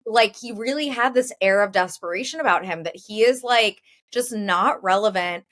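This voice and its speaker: A woman's voice: medium pitch, moderate pace, a bit bright. A woman co-hosting a podcast in casual, upbeat chat. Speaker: podcast co-host.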